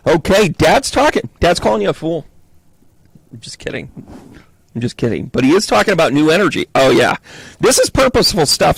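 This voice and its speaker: With a creaky mid-range voice and a Southern US accent, a man gives a chatty, playful live tarot reading for viewers, joking between cards. There's no echo on the sound.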